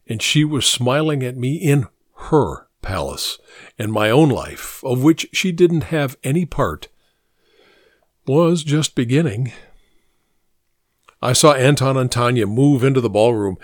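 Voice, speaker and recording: A man narrating a scripted first-person story in a measured, reflective reading. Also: mid-range voice, no room sound, studio quality.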